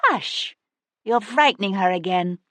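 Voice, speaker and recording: A woman reading an audiobook, voicing a composed, sharp-witted young lady in her twenties who talks in a crisp, brisk, steady way. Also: medium pitch, no echo.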